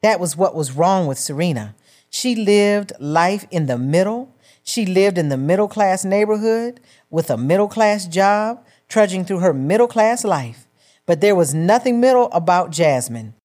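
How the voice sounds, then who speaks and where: A woman reading a novel as an audiobook narrator in a measured storytelling manner. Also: fairly low pitch, animated, darkish tone.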